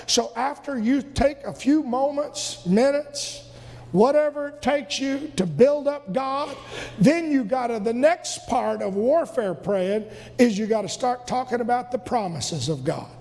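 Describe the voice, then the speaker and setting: A man's voice: very high voice, lively intonation, unhurried, gravelly, a little mellow. A man preaching a fervent sermon as pastor in a church, repeating his phrases and breaking into snippets of hymns. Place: church sanctuary. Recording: long church reverb with faint music.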